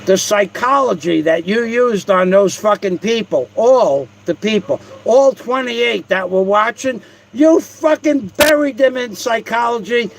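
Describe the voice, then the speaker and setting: A man's voice: high voice, slight background noise, rough recording. A man hosting a livestream at home, talking in a mocking, profane, rambling way with restarts. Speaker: livestream host. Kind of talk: casual livestream rant.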